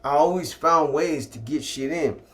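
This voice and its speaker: Speaking at a normal speed in a slightly high, fairly bright voice, this Californian man tells stories about his own past. He keeps it relaxed and casual, tossing in slang and capping his lines with "man."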